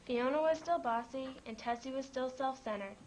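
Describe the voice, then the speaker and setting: A woman reads a children's farm story aloud. Her voice sits a little high and her manner is gentle. A faint background noise stays under the reading. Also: normal speed, low-quality recording. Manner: gentle, lightly voices the animal characters.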